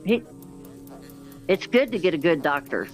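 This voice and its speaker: Casual older lady, 60s, telling a story and doing all the voices, bit of quiet music in the back. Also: on the low side, a little slow, rough recording. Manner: lively storyteller acting out quoted dialogue. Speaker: chat participant. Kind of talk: casual chat.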